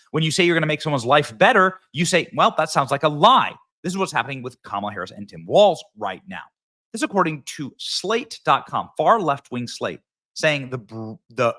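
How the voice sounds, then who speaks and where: A man's voice: mid-range voice, bright, forceful tone. A man hosting a political commentary show, talking in a mocking, punchy, sarcastic way.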